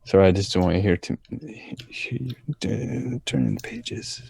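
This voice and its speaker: A man's voice: deep voice, normal speed, vocal fry, darkish tone, breathy edge. A man co-hosting a podcast in a casual, rambling way, often restarting his sentences. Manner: rambling, repeats words when starting. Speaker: podcast co-host. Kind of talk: casual chat.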